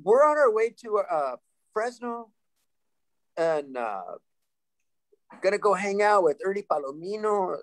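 A man in his sixties from Sacramento, California, telling lively stories as a panel guest, laughing and restarting often. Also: high-pitched, unhurried, long pauses, poor audio. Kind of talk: casual storytelling.

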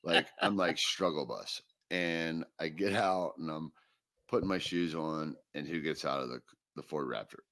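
A man's voice: a bass voice, normal speed, fairly bright tone. A man co-hosting a podcast, telling a long funny story in casual chat and laughing through the punchlines. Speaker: podcast co-host.

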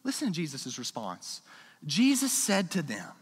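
A man preaching a sermon as pastor, emphatic, swinging between quiet asides and loud declarations. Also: a little high, huge pitch swings, measured pace, slightly rough. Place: church sanctuary. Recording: long hall reverb.

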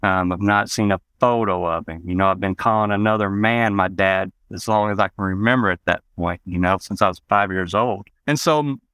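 Man, low and smooth, dry close mic, rambling storyteller. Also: fairly quick, hardly any pauses, a bit bright, no echo. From Arkansas, US. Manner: rambling, many "you know" asides. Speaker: guest. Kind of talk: personal storytelling in an interview.

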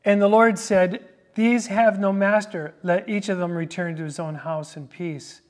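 Bible study teaching, hesitant fillers, scripture read aloud, middle pitch. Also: fairly even intonation, unhurried. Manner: reads scripture aloud then explains it.

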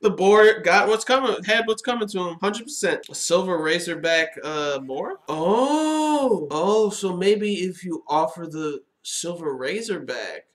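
High-voiced excitable guy reacting to anime. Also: a little slow, few pauses. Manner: excitable, chatty, laughs often. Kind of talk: casual reaction commentary.

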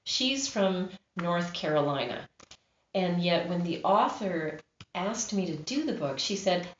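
A woman's voice: on the low side, lively intonation, a little slow. A woman who narrates and produces audiobooks talks animatedly in an interview, laughing often. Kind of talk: interview conversation. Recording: roomy, muffled recording.

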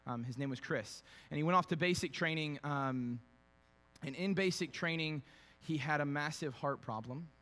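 A man preaching a sermon as a pastor, shifting from quiet conversational storytelling with fillers to loud, emphatic preaching. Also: fairly high pitch, moderate pace. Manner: conversational, with fillers and repeated words. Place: church sanctuary.

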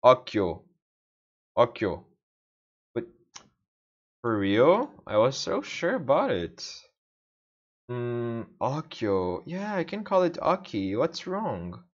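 A man whose native tongue is Portuguese talks slowly to himself as he works through a self-study session, repeating each word again and again under his breath. The recording is dull and lo-fi, and the voice sits at an ordinary middle pitch. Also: big pitch swings. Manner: muttering to himself, repeating words. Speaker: language learner. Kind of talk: thinking-aloud self-study vlog.

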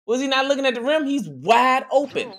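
Animated young man reacting casually. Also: very high voice, a little fast. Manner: laid-back slangy banter with chuckles. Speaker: reaction video host.

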